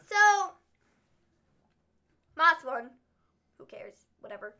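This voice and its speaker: A woman with a high, bright, sharp voice chats casually as co-host, dry and sarcastic as she runs through the recap. The sound is muffled and lo-fi, like a home stream. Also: lively intonation, normal speed. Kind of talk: casual chat.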